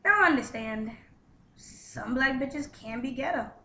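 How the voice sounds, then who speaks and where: High bright-voiced young woman, blunt and profane. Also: lively intonation, measured pace. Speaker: co-host. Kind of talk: casual comedic vlog banter. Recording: echoey room.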